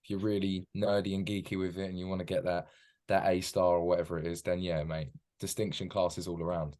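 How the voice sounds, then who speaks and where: A man's voice: low-pitched, level tone, a little fast, a little mellow. A man from England with a British accent, a chatty podcast guest on a video call who keeps saying mate. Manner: chatty, says "mate" often. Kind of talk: casual podcast chat.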